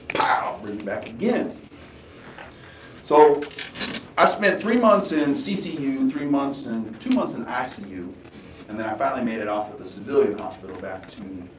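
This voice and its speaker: A man giving a commencement speech as a conversational, animated story in a large hall, recorded from a distance. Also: medium pitch, slight background noise. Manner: animated, conversational, mimics the voices of others. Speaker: commencement speaker. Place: large hall at a graduation ceremony. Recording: dull, roomy sound from far off.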